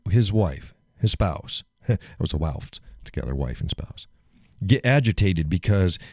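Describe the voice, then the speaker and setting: A man's voice: fairly low pitch, mellow, no room sound, clean studio sound. A middle-aged man hosting a live show, casually retelling a story, acting out quotes, swearing freely and laughing often.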